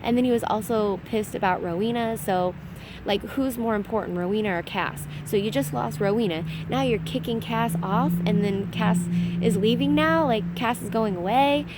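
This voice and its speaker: A young adult woman hosting a casual fan recap, talking in a chatty, animated way and laughing at her own slips. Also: a little high, normal speed, heavy background noise.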